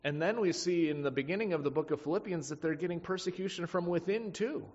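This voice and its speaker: A man preaching a sermon, emphatic, swinging between loud stresses and quiet asides. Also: fairly high pitch, quick pace. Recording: muffled sound with long hall reverb.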